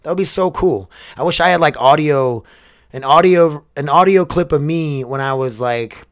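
Young man, solo podcast host, rambling, swearing, worn down, slightly high voice. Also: normal speed. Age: 20s. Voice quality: rambling, swearing, restarts sentences. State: emotionally worn down. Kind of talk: casual solo podcast rant.

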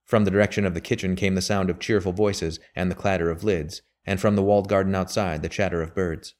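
Deep-voiced man reading a novel. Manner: steady, measured reading. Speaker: narrator. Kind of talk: audiobook narration of a period novel.

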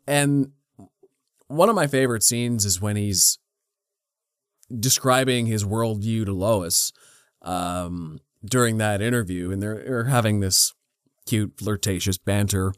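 A man co-hosting a casual film debate, talking earnestly and putting on quick voices when he quotes. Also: fairly low pitch, smooth, dry recording, studio quality. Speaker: podcast co-host.

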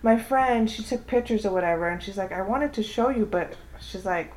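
Animated woman telling a funny story. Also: fairly quick. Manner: acts out quotes with big pitch jumps. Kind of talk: casual chat, animated storytelling.

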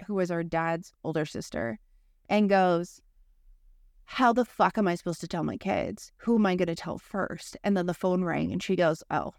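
A woman's voice: fairly low pitch, clear, resonant tone, no echo, studio quality. A woman in her thirties co-hosting a podcast, telling a personal story in a candid, profane, conversational way. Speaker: podcast co-host. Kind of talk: casual conversation.

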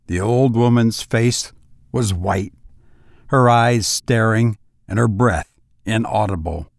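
A man reading a classic story aloud in measured, even scripted narration. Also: mid-range voice, dry recording, studio quality. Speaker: audiobook narrator.

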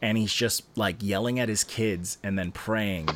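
A young man hosting a casual podcast chat, ranting about rap albums with animated, profane energy. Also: lowish voice, measured pace, noisy background.

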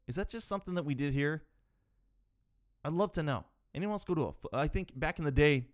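On his solo podcast, a man in his thirties speaks in a fairly high, animated voice and talks fast. He rambles and mocks himself, growing more exasperated as he goes, captured on a podcast microphone.

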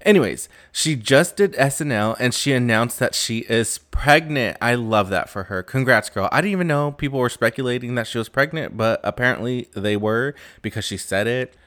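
Young male gossip podcaster, sassy and campy, mid-pitched, close podcast mic. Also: expressive, moderate pace, hardly any pauses, fairly bright tone. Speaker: podcast host. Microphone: new podcast mic.

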